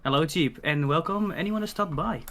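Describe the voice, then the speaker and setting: A man chatting as a guest on a livestream in a relaxed, comfy voice, wry and grumbly, swearing casually. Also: a little high, brisk. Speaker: guest streamer.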